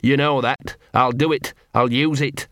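A man voicing a scruffy, nervous but defiant little male street dog with a gruff, streetwise manner. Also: mid-range voice, steady tone, a little slow, a bit bright, no room sound, studio quality, lightly acted. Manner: gruff streetwise mutter, turning whiny.

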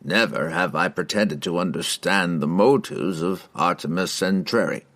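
A man's voice: low-pitched, normal speed, a bit bright. A man reading the part of a wry wizard who speaks from a crystal ball, eager to serve.

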